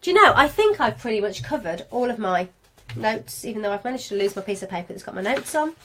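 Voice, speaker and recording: A woman from Birmingham with a clear Brummie accent leads a live video marketing class for craft sellers. She talks in a chatty, self-deprecating way and speaks straight to her viewers. Her pitch sits in an ordinary middle range. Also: sing-song, fast, a bit bright, slight background noise. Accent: Birmingham English (Brummie). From England. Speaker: craft business marketing teacher. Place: home studio with lights, indoors.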